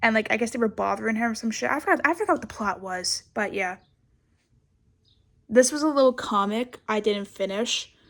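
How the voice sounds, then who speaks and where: Young woman, vlogger, casual rambling chat, profane, self-mocking, fairly high voice, vocal fry. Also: lively intonation, fairly quick, a bit bright. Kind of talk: casual sketchbook tour.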